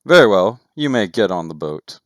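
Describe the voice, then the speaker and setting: A man's voice: on the low side, big pitch swings, moderate pace, no echo, clean studio sound. A man voicing a brusque male dockhand who checks a boarding list and barks curt questions in a tabletop game.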